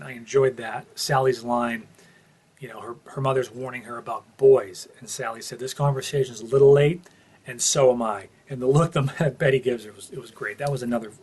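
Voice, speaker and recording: Husky-voiced man reviewing a TV episode. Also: medium pitch. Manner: opinionated, earnest, thinks aloud. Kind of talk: casual spoken review.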